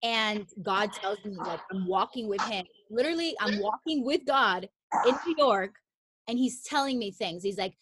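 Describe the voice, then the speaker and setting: A young adult woman telling a personal story in casual chat, rambling with constant fillers and lively quoted voices. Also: medium pitch, moderate pace, noisy background. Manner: rambling, heavy use of "like", animated quoted voices.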